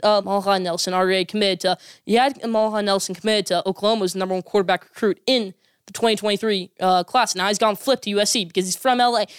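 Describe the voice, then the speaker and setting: Speaking quickly at a medium pitch, a woman sports vlogger fires off college football takes, hitting her opinions hard and repeating lines for emphasis. The recording is close and dry, with no room echo.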